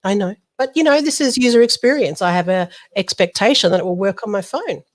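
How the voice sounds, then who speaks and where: A woman's voice: mid-range voice, animated. Chatty woman podcast co-host. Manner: chatty, quick asides, laughs easily. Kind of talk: casual chat, reading out update notes.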